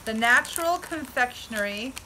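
A woman's voice: a little high, animated, moderate pace, noisy background. A woman from the United States chatting enthusiastically outdoors in a casual unboxing vlog. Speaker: vlogger.

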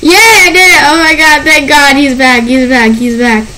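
A woman giving gameplay commentary as a channel host, excitable and panicky, often squealing and laughing. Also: sits high, normal speed, rough recording.

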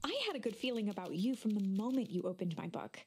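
A woman voicing a mysterious storybook narrator in a video game, speaking in a calm, measured and gently cryptic way. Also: mid-range voice, close to an everyday voice. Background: faint music.

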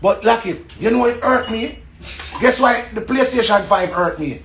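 Jamaican guy telling a loud joking story, high sharp voice. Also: expressive, normal speed, slight background noise. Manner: loud, joking, shifts into mock-English voice. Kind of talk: animated joking chat.

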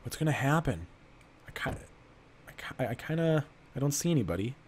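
A man doing gameplay commentary, rambling through an improvised backstory and breaking into panicky outbursts and rapid repeated commands. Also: medium pitch, very animated, a little hiss or hum. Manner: playful self-talk, rambling asides. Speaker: let's play gamer.

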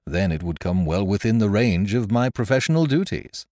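A man's voice: on the low side, big pitch swings, moderate pace, a little mellow, dry recording, clean studio sound. A man voicing a severe middle-aged surgeon who speaks bluntly and emphatically. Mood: stern.

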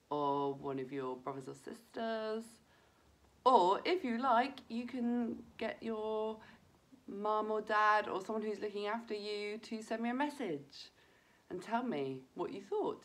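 A woman leading a children's breathing lesson, talking gently and encouragingly straight to the kids. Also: medium pitch.

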